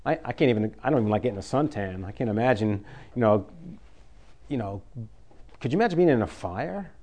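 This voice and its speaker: A man's voice: on the low side, animated, brisk, warm tone. A man preaching a sermon, folksy and conversational, reading scripture and pressing his listeners with urgent emphasis.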